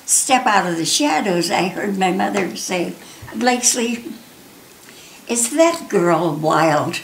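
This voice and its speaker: An older woman telling a personal story, lively and often laughing, with many restarts. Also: mid-range voice, vocal fry, a little hiss or hum. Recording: roomy echo, faint ambience.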